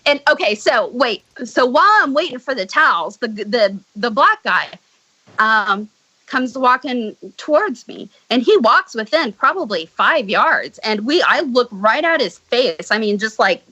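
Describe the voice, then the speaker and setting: A woman guest on a podcast, casually telling a true story with blunt, profane, animated delivery. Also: fairly high pitch, unhurried, slightly rough, no room sound, poor audio. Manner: blunt, swears freely, animated retelling.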